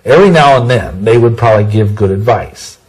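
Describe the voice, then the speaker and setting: A man's voice: on the low side, lively intonation, fairly quick, a little mellow, husky, rough recording. A man giving an interview, talking in a rambling, conversational way with many restarts and homely sayings. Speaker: interview guest.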